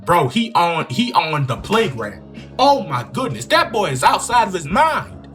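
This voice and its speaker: A man's voice: high voice, big pitch swings, measured pace, fairly bright tone, faint music behind. A man giving joking, slangy commentary on a horror game while reading its dialogue aloud. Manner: joking, slangy, riffing on the story. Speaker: gaming YouTuber.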